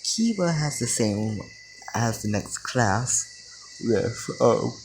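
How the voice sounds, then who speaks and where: A tired man improvising a fan-fiction story, rambling with many ums and restarts, outdoors at night with loud crickets. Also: medium pitch, animated, slow pace, creaky, noisy background. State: tired, yawning. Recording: crickets chirping loudly behind. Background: crickets and insects.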